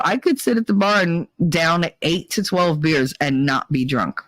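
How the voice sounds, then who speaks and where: A woman's voice: low-pitched, no echo. A woman hosting a podcast, telling stories in a chatty, laughing way and swearing freely. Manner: chatty and animated, swearing, laughing, squealing acted-out quotes. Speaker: podcast host. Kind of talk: casual storytelling monologue.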